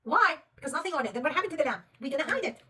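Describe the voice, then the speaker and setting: A woman's voice: sits high, big pitch swings, rapid-fire, pushed and bright, distant mic. A woman teaching a young pupil to read Arabic, patiently quizzing her and praising right answers. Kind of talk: one-on-one reading lesson.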